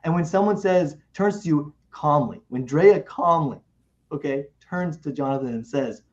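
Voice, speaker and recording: A man co-hosts a casual recap show with a fairly high voice. He talks in an animated way, often starting over and repeating himself. The recording sounds dull and lo-fi. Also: normal speed. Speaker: podcast co-host. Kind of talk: casual chat. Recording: muffled lo-fi recording.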